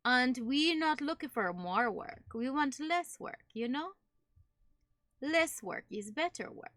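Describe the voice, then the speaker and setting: A woman streamer slips into a playful, deadpan broken-English character with a mock German accent, dropping articles in clipped phrases. Her voice is high-pitched, a bit bright and exaggerated, with lively intonation, and she takes it slowly. The sound is clean studio quality with no echo.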